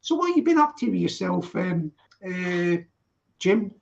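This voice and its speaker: A man with a London accent hosting a casual live-stream chat, laughing often and chatting warmly with callers. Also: high-pitched, sing-song, a little slow, vocal fry, lo-fi sound.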